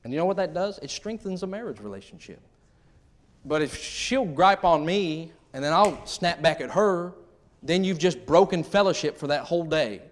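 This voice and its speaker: A middle-aged man delivers a sermon in a relaxed, joking, conversational manner. His voice sits a little higher than most men's, and he talks straight to his listeners as he acts out small scenes from married life. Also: normal speed. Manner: humorous, conversational preaching with acted-out quotes. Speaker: pastor.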